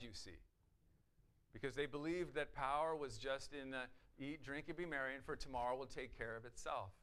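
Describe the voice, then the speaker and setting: A man's voice: medium pitch, pushed and bright. Emphatic male preacher asking rhetorical questions. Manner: rhetorical questions, emphatic with sudden bursts of volume; acts out the voices of the priests in quotes. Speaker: pastor. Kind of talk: expository sermon.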